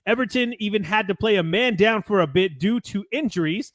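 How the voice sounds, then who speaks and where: A laid-back American man talks through the weekend's matches, rambling a little and swearing now and then. His voice sits a touch high for a man. The sound is dry and close, with no room echo. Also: brisk. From United States. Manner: rambling, relaxed, swears casually, reads match notes. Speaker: podcast co-host. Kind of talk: casual sports chat.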